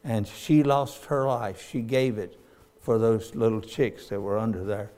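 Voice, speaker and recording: An older man, preaching a sermon in a folksy storytelling way that breaks into sudden loud cries. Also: fairly low pitch, steady tone, measured pace.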